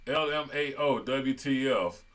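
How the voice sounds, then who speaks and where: A man's voice: mid-range voice, unhurried, a bit bright. Man reading comments on his channel. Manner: conversational, reads viewer comments aloud. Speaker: host. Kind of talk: online commentary.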